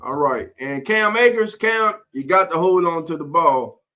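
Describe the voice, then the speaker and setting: A man's voice: a little high, a little slow, sharp tone. A man hosting a casual live-stream sports talk show, greeting viewers in chat by name.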